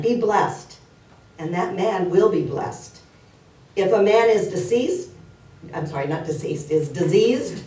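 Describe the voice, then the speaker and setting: Woman giving a sermon in an echoey hall. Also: mid-range voice. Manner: warm storytelling, earnest, repeats key phrases. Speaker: spiritual speaker. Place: church hall. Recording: roomy hall, mic at a distance.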